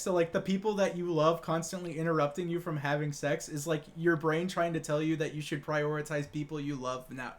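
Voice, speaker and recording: A man's voice: a little high, steady tone, a little fast, hardly any pauses. A young man casually telling a story to friends on a podcast, rambling, stammering and restarting, acting out what people said. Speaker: podcast co-host.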